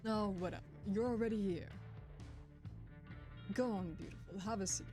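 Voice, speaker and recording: A woman reads a sleazy, cocksure male vampire from a neon-noir game. He drawls his flirting slowly. Game music runs underneath. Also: medium pitch, close to an everyday voice. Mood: lazy. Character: sleazy male vampire club owner, cocky.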